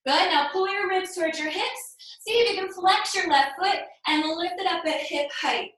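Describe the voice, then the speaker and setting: A woman's voice: extremely high pitch, moderate pace, a bit bright, heavy reverb, far from the mic, low-quality recording. A woman teaching a live yoga class, cueing poses in an upbeat way, sometimes half-singing, and a bit out of breath. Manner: upbeat cueing, sings some cues, laughs at herself. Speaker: yoga instructor. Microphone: laptop mic over a hotspot.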